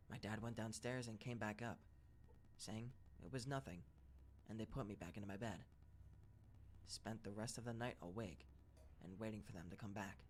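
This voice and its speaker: A man's voice: on the low side, a little hiss or hum. Man reading creepy stories aloud. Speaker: story narrator. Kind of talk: reading scary first-person stories aloud.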